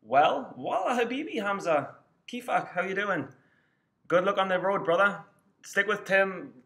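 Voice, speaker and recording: A young man with a Geordie accent, talking casually and upbeat to camera, his voice slightly hoarse. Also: high-pitched, measured pace, pushed and bright. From Newcastle, England. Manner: chatty and upbeat, laughs while talking, swears casually. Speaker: trading vlogger. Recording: echoey room.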